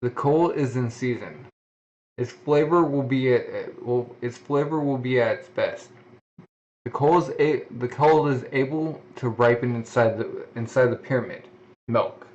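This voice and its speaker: A man's voice: medium pitch, darkish tone, highs cut off. A man reading a manga aloud, voicing the sound effects and often restarting his sentences. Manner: halting reading with frequent restarts. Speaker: manga reader.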